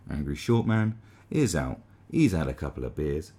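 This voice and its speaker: A man's voice: rumbling low, sing-song, normal speed, warm tone, husky. A man delivering a sarcastic, rambling comedic monologue as the host of a commentary channel, with frequent restarts.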